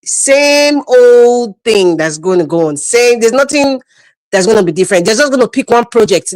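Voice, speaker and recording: A woman's voice: a little high, no room sound. A woman with a Nigerian accent giving outspoken political commentary on a live stream, blunt and laughing often. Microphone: video call.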